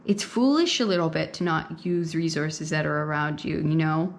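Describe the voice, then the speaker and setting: A woman giving a pick-a-card tarot reading, talking straight to her viewers in a conversational way. She often repeats herself, checks in with "okay?" and "right?", and laughs softly now and then. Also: sits low, moderate pace, gravelly, slight background noise. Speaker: tarot reader.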